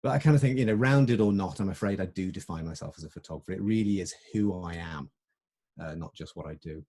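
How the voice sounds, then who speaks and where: A middle-aged man with a low, mellow voice gives a reflective presentation talk. His tone is slightly husky, and he often circles back and restarts his sentences as he thinks aloud. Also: fast talker. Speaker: photographer giving a talk.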